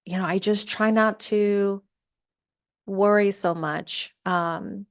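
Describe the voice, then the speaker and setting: Animated woman telling a story. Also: mid-range voice, takes it slowly. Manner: animated, acts out quoted voices. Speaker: podcast guest. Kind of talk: storytelling in conversation.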